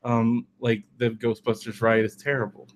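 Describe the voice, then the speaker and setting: A man in casual chat, relaxed and asking his co-host questions. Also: medium pitch, normal speed. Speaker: podcast co-host.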